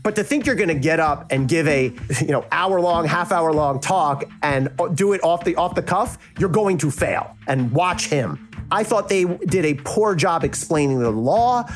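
Animated South Jersey man, lively pitch. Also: normal speed, faint music behind. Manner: frank, animated, acts out quoted reactions. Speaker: legal analyst and former prosecutor. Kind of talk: casual interview.

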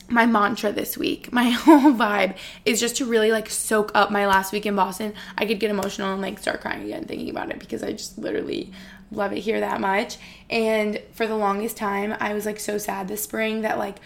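Gravelly-voiced chatty young woman. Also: medium pitch. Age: 20s. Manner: chatty and emotional, lots of "like". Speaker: vlogger. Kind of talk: casual vlog chat.

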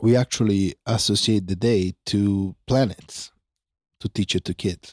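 A man's voice: lowish voice, measured pace, no echo, studio quality. A man with an Italian accent, nasal and congested, chatting casually as a podcast co-host from his bedroom. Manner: relaxed, reminiscing storyteller. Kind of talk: casual chat. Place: bedroom at home.

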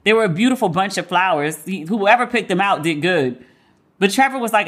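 A woman's voice: on the high side, a little fast. A woman hosting a casual gossip podcast, chatty and candid with playful asides. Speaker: podcast host. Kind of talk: casual celebrity gossip chat.

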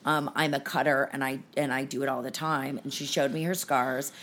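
A woman's voice: extremely low pitch, fairly even intonation, a little fast, fairly bright tone, slight background noise. A young woman hosting a podcast, chatting candidly and emotionally, close to tears at times. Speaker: podcast host. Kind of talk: casual chat.

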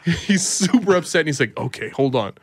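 A man's voice: medium pitch, fast talker, background noise. A man in his thirties, co-host of a morning radio show, telling a funny story with lots of laughter and acted-out voices. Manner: animated, laughing, acts out quoted voices. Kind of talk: casual storytelling chat.

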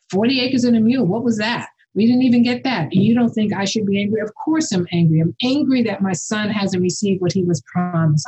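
A woman professor speaking as a podcast guest, her voice dark, mellow and very husky. She talks with passion and force, pressing each point home. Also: medium pitch, low-quality recording. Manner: impassioned and forceful. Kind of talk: casual podcast conversation.

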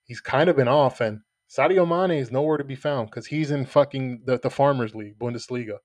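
A man co-hosting a casual soccer podcast, giving animated, profane opinions. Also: mid-range voice, a little fast. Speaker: podcast co-host. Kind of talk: casual sports podcast chat.

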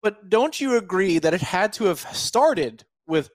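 Guy co-hosting sports talk, slightly high, wry dry jokes, dead dry studio sound. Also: lively intonation, unhurried, no room sound. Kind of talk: casual chat.

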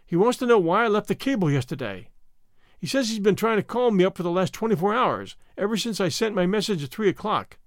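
Storybook telegraph clerk, businesslike and steady, as a man reads him, lively pitch. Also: a little fast, no echo, studio quality. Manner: steady, matter-of-fact reading out. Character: businesslike male telegraph operator.

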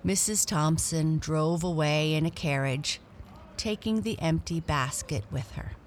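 A woman reading a children's storybook aloud in a gentle, expressive way. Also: low voice, measured pace, a little hiss or hum.

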